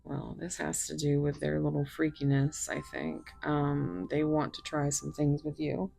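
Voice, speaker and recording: Husky, slow-talking woman tarot reader. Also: sits low, no room sound. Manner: soft, musing, drifts into whispers. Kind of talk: pick-a-card tarot reading.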